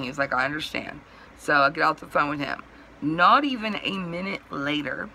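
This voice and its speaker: A hoarse woman vlogger telling a rambling story in a chatty way and laughing at herself. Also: sits low, pushed and bright, a little hiss or hum. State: hoarse, voice going out. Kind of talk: casual storytime vlog.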